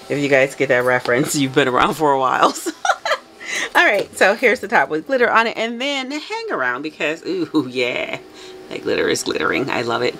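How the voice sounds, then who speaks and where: A woman hosting her soap making channel, chatting casually to viewers with a raspy early-morning voice and frequent laughs. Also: sits low, fairly bright tone, slight background noise, poor audio. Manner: chatty, laughs often, talks to viewers directly. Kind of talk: casual tutorial chat.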